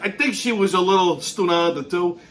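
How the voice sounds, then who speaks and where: A man's voice: sits high, normal speed, fairly bright tone, faint music behind. A man hosting his show, ranting bluntly in a heavily profane monologue and laughing through his own stories. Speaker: show host.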